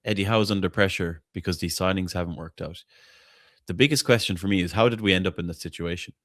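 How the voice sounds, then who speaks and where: Speaking quickly in a deep, low register with a fairly bright tone, a man hosts a relaxed football podcast conversation. He's outspoken and profane, tripping over and repeating words as he argues his point, in a close, dry recording with no room sound.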